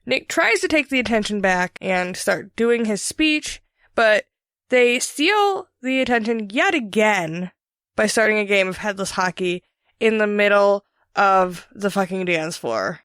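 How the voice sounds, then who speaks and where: A woman co-hosting a casual podcast about a book, blunt and profane, with quick asides. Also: mid-range voice, animated, a bit bright, clear, resonant tone, no room sound, studio quality. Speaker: podcast co-host. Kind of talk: casual book-discussion chat.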